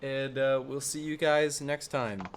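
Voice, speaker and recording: A man's voice: mid-range voice, flat delivery, unhurried. A young man hosting a casual podcast chat, crude and joking in a laid-back way. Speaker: podcast host.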